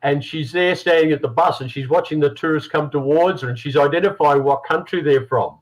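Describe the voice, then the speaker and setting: A man's voice: fairly high pitch, fairly quick, rough recording. Jokey Australian man on a video call. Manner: jokey, laughs easily. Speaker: tour partner guest. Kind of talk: casual video call chat.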